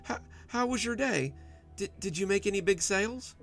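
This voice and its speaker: A young wife on the phone, her voice pitched high and unnaturally sweet, with a break that keeps slipping through, as a man reading the story puts her on. Her higher tone sits well above the reader's own gravelly voice. Soft music plays underneath. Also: animated, moderate pace. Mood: falsely chipper. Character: tearful sweet young wife hiding bad news.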